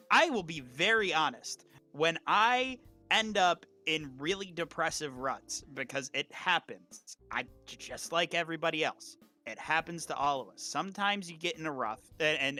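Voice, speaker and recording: A man co-hosting a casual podcast, giving an emphatic, profane pep talk. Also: a little high. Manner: emphatic, swears freely, animated pep talk. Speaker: podcast co-host.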